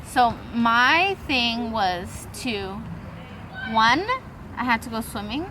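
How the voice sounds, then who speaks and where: Speaking slowly and animatedly in a somewhat high voice, a young woman vlogger rambles through a long personal story, cursing casually. She performs the dialogue of the people involved, with noise audible in the background.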